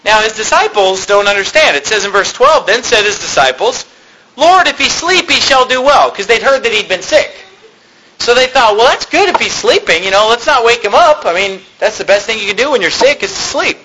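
A man's voice: sits high, expressive, a little fast, bright, forceful tone, a little hiss or hum, rough recording. A man preaching a sermon, reading scripture and retelling it in plain, conversational terms with frequent rhetorical questions.

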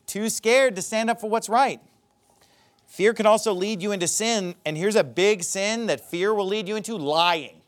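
A man preaching a sermon, reading scripture and acting out quotes in a mocking, animated way. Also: sits high, moderate pace. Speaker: pastor.

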